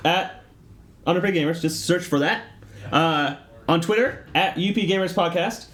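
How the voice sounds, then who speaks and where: A man's voice: high voice, moderate pace, fairly bright tone. A man co-hosting a casual gaming podcast with dry, teasing banter. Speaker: podcast co-host. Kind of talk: casual chat.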